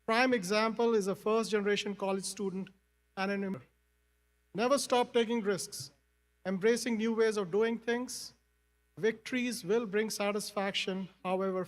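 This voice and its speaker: Formal high-voiced professor giving greetings. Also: male voice. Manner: formal, earnest advice to students. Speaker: faculty senate chair, finance professor. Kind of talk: formal ceremonial address.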